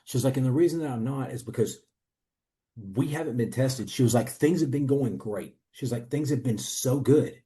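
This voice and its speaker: A man's voice: medium pitch, normal speed, dark tone. A man in a testimonial interview, earnestly and reflectively telling his own story as a coaching client.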